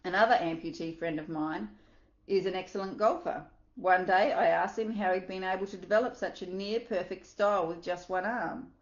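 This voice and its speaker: A woman reads a self-help book aloud in a slightly low voice, earnest and unpolished, slipping now and then and adding her own asides. The sound is roomy and a little dull, like a simple home recording. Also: moderate pace. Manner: earnest, with small slips and asides. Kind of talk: reading aloud with commentary.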